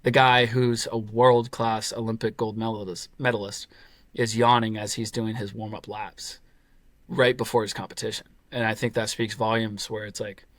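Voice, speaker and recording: A man's voice: lowish voice, moderate pace, dry recording. Young man telling a story casually. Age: 20s. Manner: relaxed storytelling with fillers and quoted voices. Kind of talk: casual chat.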